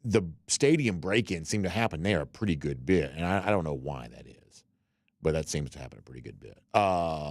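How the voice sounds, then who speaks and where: A man's voice: very deep voice, lively intonation, fairly quick, no echo, clean studio sound. A man hosting a sports talk show, chatting loosely with many fillers and restarts as he reads out listener comments. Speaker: podcast host.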